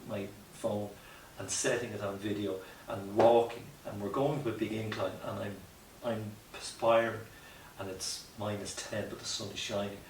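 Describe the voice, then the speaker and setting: A man's voice: lowish voice, fairly even intonation, moderate pace, hardly any pauses. A man as a podcast guest, telling his story in an earnest, reflective way with frequent "you know" asides. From Ireland. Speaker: guest, mountaineer. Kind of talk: conversational storytelling interview. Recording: roomy distant mic with faint hiss.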